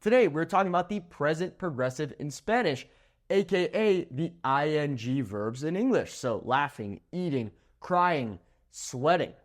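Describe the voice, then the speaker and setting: A man's voice: a little high, unhurried. A man teaching a grammar lesson at a whiteboard, explaining step by step and checking in with "okay?" after each point. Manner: animated, checks in with "okay?" often. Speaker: Spanish teacher. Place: room with a whiteboard.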